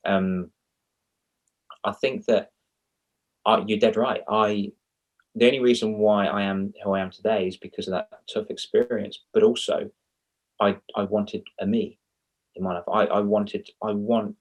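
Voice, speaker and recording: Male guest, kids' confidence coach, husky and lowish, rambling and animated in casual chat. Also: unhurried, pauses often. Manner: animated and rambling, with self-mocking asides.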